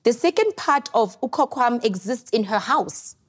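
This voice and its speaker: A woman's voice: on the high side, animated, moderate pace, slightly rough. Earnest South African woman explaining. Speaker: guest. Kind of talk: podcast discussion.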